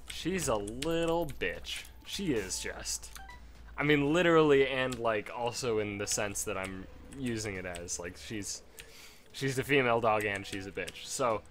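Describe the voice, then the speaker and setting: A man's voice: mid-range voice, fairly bright tone, slight background noise. A man giving casual gameplay commentary from home at a desk mic, rambling into a profane story. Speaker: let's play gamer.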